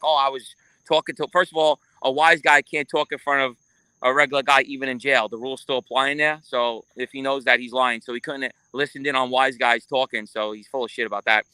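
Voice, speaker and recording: A man talking as a guest in a casual, profane interview, telling stories in an animated way. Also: a little high, smooth, no room sound. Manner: animated, swearing, storytelling.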